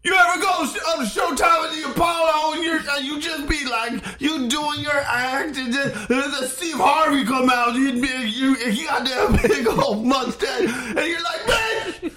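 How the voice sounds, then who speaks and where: A man doing a loud, brash stand-up comic. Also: extremely high pitch, a little slow, a loud crowd, voice pushed up. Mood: brash shouting. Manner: shouting, swearing, cackling. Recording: echoey room, loud music behind.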